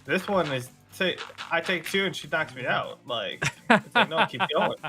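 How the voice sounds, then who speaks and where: A man doing a folksy small-town buddy, rambling, voice pitched up a bit from his usual, game music behind. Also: animated, moderate pace, lightly acted. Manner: rambling, folksy turns of phrase.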